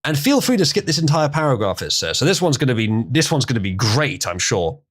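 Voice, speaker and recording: A man's voice: mid-range voice, big pitch swings, a little fast. A man hosting a livestream, reading an article aloud and breaking in with sarcastic, crude remarks. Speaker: livestream host.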